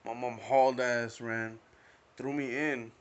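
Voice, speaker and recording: A man's voice: mid-range voice, steady tone, takes it slowly, dull audio. Rambling young man telling a story. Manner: rambling, full of fillers and swearing. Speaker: podcast host. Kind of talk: casual storytelling monologue.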